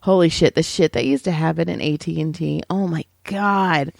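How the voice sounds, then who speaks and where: A woman co-hosting a podcast, telling call center stories in a casual, animated way, swearing freely, laughing often and acting out the callers. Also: low-pitched, moderate pace, vocal fry, no echo, studio quality. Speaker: podcast co-host. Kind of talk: casual storytelling chat.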